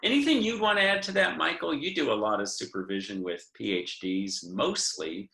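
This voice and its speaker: A man's voice: mid-range voice, moderate pace, creaky, sharp tone, roomy sound. A man, a practical theology professor, explaining in an earnest teaching manner with frequent restarts. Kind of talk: webinar talk.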